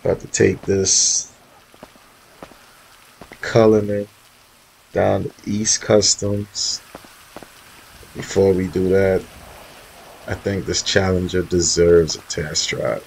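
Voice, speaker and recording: A man's voice: deep voice, flat delivery, takes it slowly, vocal fry, pauses often, a little mellow, slight background noise, poor audio. A man giving laid-back, slangy commentary in a gaming vlog, talking straight to his viewers. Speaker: roleplay gamer showing off his cars.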